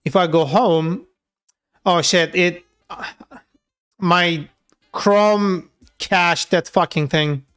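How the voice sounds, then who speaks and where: Dude coding live, kinda high smooth voice, rambly, lots of "like", swears a bit. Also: male voice, fairly even intonation, very slow, pauses often, a bit bright. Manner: loose and chatty, many filler words, swears freely. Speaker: software developer streaming his coding work. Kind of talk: casual live coding session.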